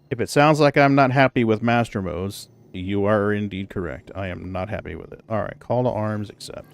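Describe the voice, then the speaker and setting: A man's voice: lowish voice, vocal fry. A man streaming a space game live, chatting casually and bluntly, cursing and griping about the game and cooing baby talk at his cat between play. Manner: blunt, swears, grumbles about game mechanics.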